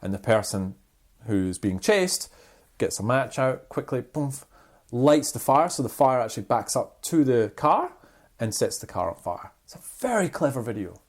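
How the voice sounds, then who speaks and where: A man's voice: medium pitch, moderate pace. Guy on a podcast, chatty, voice swings up and down a lot, plays out the people he quotes. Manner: animated storyteller, acts out quoted people. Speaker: podcast co-host. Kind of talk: casual chat.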